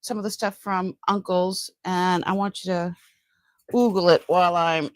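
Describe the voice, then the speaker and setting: A woman's voice: lowish voice, steady tone, moderate pace. A middle-aged woman with a Boston accent, hosting a casual live-stream from home, chatting and rambling as she greets viewers by name. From Massachusetts. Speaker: live-stream seller and host. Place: at home, indoors by a counter.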